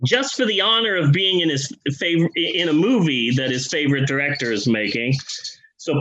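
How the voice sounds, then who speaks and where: A man co-hosting a podcast, telling a comedic story in a rambling, profane, animated way. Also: fairly high pitch, moderate pace, lo-fi sound. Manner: rambling, animated, profane, drops into character voices. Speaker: podcast co-host.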